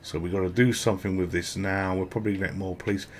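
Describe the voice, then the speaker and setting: A British man giving casual, rambling commentary while playing a video game, with frequent excited exclamations. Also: deep voice, quick pace, a little hiss or hum. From Britain. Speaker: gameplay commentator.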